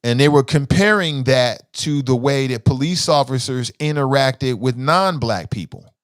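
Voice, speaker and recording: A man's voice: mid-range voice, animated, unhurried, dry recording, studio quality. A man hosting a casual news commentary show, chatting and asking viewers questions.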